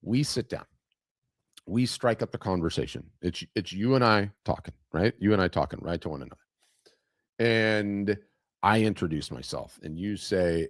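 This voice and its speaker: A man hosting a webinar in a casual lecture style, animated and ranting with frequent digressions. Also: low voice, normal speed, no room sound, clean studio sound. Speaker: webinar host.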